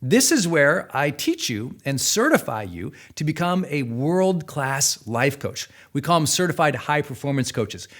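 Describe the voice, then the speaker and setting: A man's voice: a little high, fairly bright tone. A middle-aged man, a personal development coach, giving an emphatic motivational class lecture and repeating his key points.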